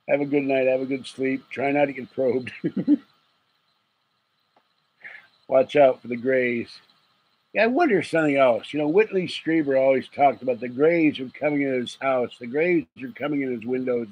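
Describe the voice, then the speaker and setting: A man's voice: mid-range voice, moderate pace, darkish tone, rough recording. A man hosting a late-night livestream, rambling and joking with viewers, chuckling often and getting sleepy. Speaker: livestream host.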